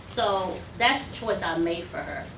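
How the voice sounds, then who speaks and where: Her voice is on the low side with lively intonation and an unhurried pace. A hair stylist, she explains her work chattily and step by step during a salon demonstration, with frequent ums. The distant, roomy mic picks up salon noise.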